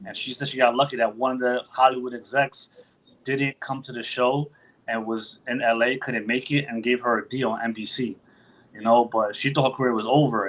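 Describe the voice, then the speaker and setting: A man's voice: medium pitch, a bit bright, highs cut off, a little hiss or hum. A man hosting a podcast in casual chat, talking loosely and with plenty of swearing, often acting out what other people say. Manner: loose and profane, acts out quotes in other voices. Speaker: podcast host.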